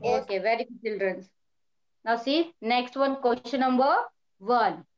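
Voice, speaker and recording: A woman's voice: on the high side, a little slow, muffled recording. A woman teacher giving an online primary school lesson, patiently repeating words and praising often.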